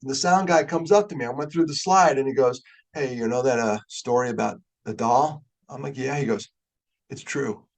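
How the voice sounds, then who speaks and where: An older man giving an animated storytelling talk as a keynote speaker, getting fired up as he goes. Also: medium pitch, normal speed, creaky. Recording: webinar audio.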